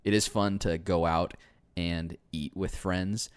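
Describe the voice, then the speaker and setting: A man's voice: low-pitched, little pitch movement, slow pace, clear, resonant tone, dry recording. A man co-hosting a gaming podcast, telling rambling stories in casual chat and laughing often. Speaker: podcast co-host.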